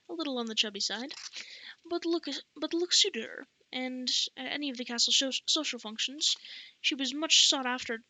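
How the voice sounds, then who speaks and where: A woman's voice: sits high, sharp tone, dry recording, rough recording. A woman reading a novel aloud as an amateur audiobook narrator, often stumbling and restarting words. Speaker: audiobook reader.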